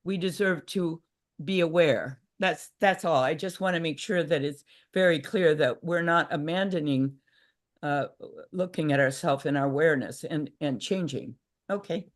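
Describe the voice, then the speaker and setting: An older woman giving a gentle, reflective talk on a livestream video call, with frequent restarts. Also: sits low, normal speed. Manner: reflective, gentle, many restarts and acted inner voices. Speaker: workshop speaker. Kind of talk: casual teaching talk. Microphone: video call mic.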